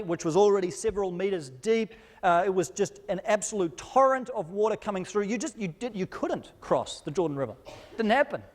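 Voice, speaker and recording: A man's voice: sits high, a little mellow. A man preaching a sermon as pastor, in a conversational, informal way with frequent repeated words. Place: church auditorium.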